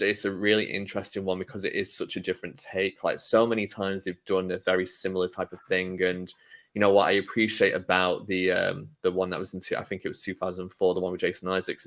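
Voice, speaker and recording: A man's voice: sits low, a bit bright. A man in a casual podcast discussion, rambling through one example after another. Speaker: podcast guest.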